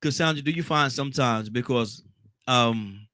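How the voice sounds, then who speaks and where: A man's voice: medium pitch, moderate pace, a bit bright, no echo, clean studio sound. A man hosting a radio call-in show, chatting casually with callers, often backing them with "mm-hmm" and stumbling over repeated words. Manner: frequent affirming "mm-hmm", repeats and restarts.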